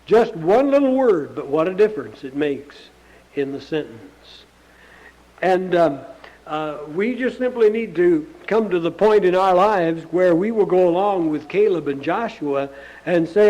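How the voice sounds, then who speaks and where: A man's voice: sits high, expressive, normal speed, mellow, lo-fi sound. A male pastor preaching a sermon in a plain, earnest, conversational way, often asking the listeners rhetorical questions.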